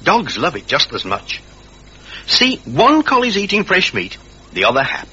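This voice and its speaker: Bright, husky male advert voice. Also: on the high side, huge pitch swings, measured pace, lo-fi sound. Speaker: advert narrator. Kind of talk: 1970s TV advert.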